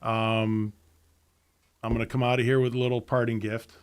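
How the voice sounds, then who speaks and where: A man's voice: medium pitch, level tone, normal speed, clean tone. A middle-aged man, a former hockey captain, chatting easily as a podcast guest and repeating himself for emphasis. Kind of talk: casual interview chat. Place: podcast studio.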